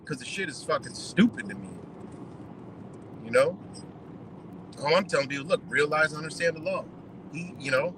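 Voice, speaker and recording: A man's voice: a little high, expressive, normal speed, pauses often, noisy background. A man on a live stream giving blunt, profane commentary, lecturing his audience in a loose, heated rant.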